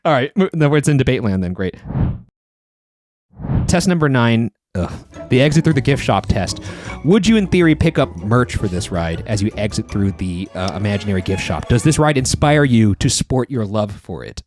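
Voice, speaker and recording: A man co-hosting a casual podcast chat, animated and quick to joke. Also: mid-range voice, faint music behind. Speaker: podcast co-host.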